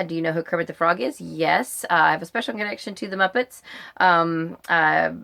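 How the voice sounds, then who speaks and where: A middle-aged American book vlogger with a lowish, gravelly, slightly bright voice casually answers a list of questions. She's chatty and rambling, with frequent ums and uhs.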